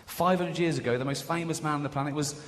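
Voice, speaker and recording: A man performs stand-up comedy, speaking in a slightly higher register as he tells stories conversationally. He slips into the voices of the people he describes. The sound is a live recording in a large hall with long reverb and a clear murmur of the audience underneath. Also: fairly even intonation, quick pace, slight background noise. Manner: conversational storytelling, acts out quoted voices. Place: large comedy venue stage. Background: audience ambience.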